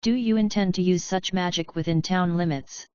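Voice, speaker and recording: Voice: medium pitch, normal speed, clear, resonant tone, no echo, highs cut off, natural voice. A woman voicing a polite, methodical female unicorn scholar who asks formal questions.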